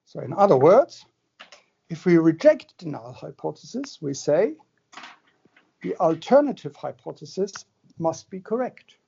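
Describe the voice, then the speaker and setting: Male lecturer, unhurried and animated, mellow husky tone, dull lo-fi recording. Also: on the high side. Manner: conversational, jokey, checks in with the audience. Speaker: university lecturer. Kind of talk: classroom lecture.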